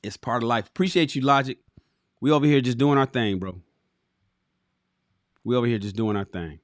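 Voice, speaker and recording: A man in his forties hosting a livestream, reading a book aloud and breaking off into animated, preachy storytelling riffs. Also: medium pitch, moderate pace, no room sound, clean studio sound.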